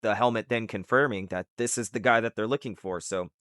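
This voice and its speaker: A man's voice: fairly low pitch, a little fast, a bit bright, dry recording, clean studio sound. A man casually retelling a comic book's plot in a loose, rambling way full of fillers. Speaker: comic recap host. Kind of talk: casual comic book recap.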